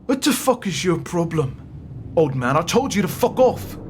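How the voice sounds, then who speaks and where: A man's voice: a little high, sing-song, moderate pace, slight background noise. Man doing a sneering thug sailor. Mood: sneering, aggressive. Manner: crude, sneering, swears a lot. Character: rough, swaggering male sailor gang leader.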